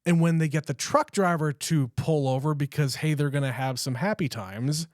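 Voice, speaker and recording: A man's voice: a little high, normal speed, dry recording, studio quality. A man co-hosting a podcast, chatting casually about a movie and acting out lines, swearing freely. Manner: conversational, swears casually, acts out quotes. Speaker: podcast co-host. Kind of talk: casual chat.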